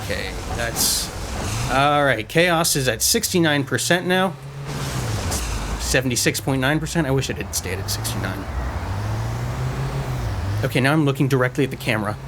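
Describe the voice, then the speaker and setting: With a mid-range, animated voice at normal speed, a man pauses often while giving casual, self-mocking commentary over a game at home. He rambles and stumbles over words in a messy room, with background noise plus loud car and game sounds.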